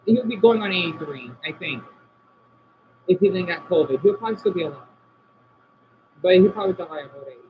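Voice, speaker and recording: A man chatting casually on a live stream from home, answering viewers' comments and often trailing off quietly. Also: sits high, animated, a little fast, pauses often, slight background noise. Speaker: livestream host reading chat. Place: indoors at home by a window. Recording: dull lo-fi stream audio.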